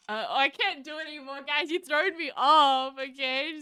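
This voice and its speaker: A woman's voice: sits high, fairly even intonation, moderate pace, hardly any pauses, pushed and bright. A young woman streaming a game live, chatting and giggling with her chat between read-aloud lines.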